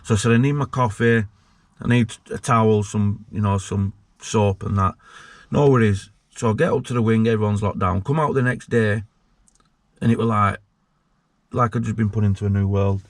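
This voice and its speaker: A man's voice: on the low side, fairly even intonation, normal speed, no echo. A man, a former prisoner telling his story casually as an interview guest, blunt and sweary, acting out the voices in his story. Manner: blunt and sweary, acts out quoted dialogue.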